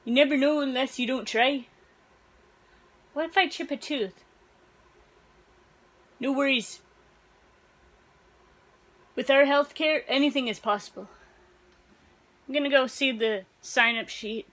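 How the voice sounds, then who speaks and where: A woman performing comedic skits, trading quick short lines between several characters. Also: high voice, fairly bright tone, rough recording. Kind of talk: comedic skit dialogue.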